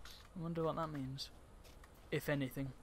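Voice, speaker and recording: A man's voice: on the high side, fairly even intonation, moderate pace. A man with a Yorkshire accent gives casual, rambling gameplay commentary full of sarcastic asides. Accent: Yorkshire English. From Yorkshire, England. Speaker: game streamer. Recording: game audio and noise behind voice. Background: game ambience and gunfire.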